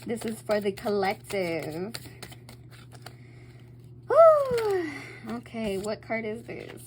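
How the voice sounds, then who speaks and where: Woman tarot reader, casual vlog delivery, mid-range voice, excitable and foul-mouthed. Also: mid-range voice, unhurried, a little hiss or hum, low-quality recording. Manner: chatty, bursts into excited squeals, swears freely; reads card meanings aloud between loose slangy asides. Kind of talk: casual tarot reading to camera.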